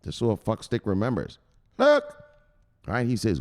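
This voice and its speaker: A man hosting a crypto news show, excitable and profane, giving casual commentary and punctuating his points with a shouted "bang.". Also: lowish voice, normal speed, pauses often.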